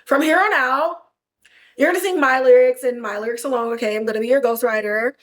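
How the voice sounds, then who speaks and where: A woman's voice: high voice, steady tone, brisk, a bit bright. Give me a scheming male ruler with a slangy, smug threat, as a woman puts him on. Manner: casual slangy retelling voice.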